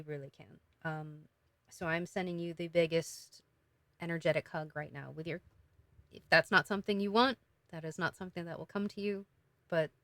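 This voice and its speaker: A woman giving a casual, emotional tarot reading, talking gently with many fillers and restarts. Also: lowish voice, dry recording. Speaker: tarot reader.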